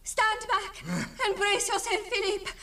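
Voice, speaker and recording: Young heroine: high, urgent, hushed, distant over music. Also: female voice, little pitch movement, a little slow, full character voice. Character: brave, urgent young woman guide. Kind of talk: radio drama acting. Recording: distant mic with music under.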